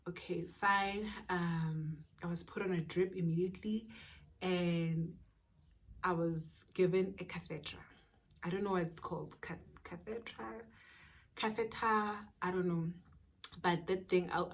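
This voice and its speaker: Woman, South African accent, slightly low pitch, casual storytelling, animated, dips into whispers. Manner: animated, acts out dialogue, drops to whispers. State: pregnant. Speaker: vlogger.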